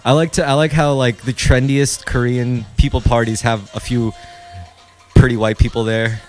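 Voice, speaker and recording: A man's voice: mid-range voice, little pitch movement, moderate pace. A man co-hosting a podcast, chatting loosely and profanely while reacting to music videos. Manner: loose, profane, wandering commentary. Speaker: podcast co-host. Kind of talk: casual chat while watching music videos.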